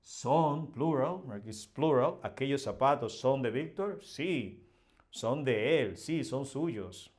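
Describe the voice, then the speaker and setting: Slow, patient male teacher. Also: medium pitch, lively intonation, darkish tone. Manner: patient, repeats example sentences, modeling question intonation. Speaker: Spanish teacher. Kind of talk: slow explanatory language lesson.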